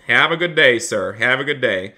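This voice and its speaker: A man with a bright, forceful voice streams a police role-play game live. He keeps up an upbeat, chatty stream of talk, thanks viewers by name and slips into a polite officer role when he talks to players. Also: mid-range voice, expressive, normal speed, slight background noise.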